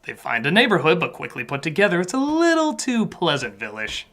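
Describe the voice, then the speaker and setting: A woman reviewing a film as comedic narration, sarcastic, with sudden shouted outbursts. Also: lowish voice, sing-song, a little fast, faint music behind.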